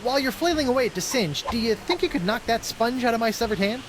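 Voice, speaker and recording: An actor voicing a hapless, wisecracking pirate hero in a game, quick and breezy. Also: male voice, very high voice, expressive, slight background noise. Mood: playful.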